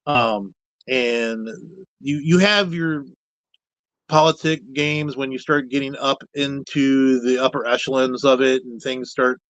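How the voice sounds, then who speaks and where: A man talking as a guest in a relaxed, meandering way, candid and a little salty with his words. His voice sits at an ordinary middle pitch. The sound is dry and close, without room echo. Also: measured pace. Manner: rambling, candid, peppered with mild cussing. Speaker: guest, puppet builder. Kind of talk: casual chat.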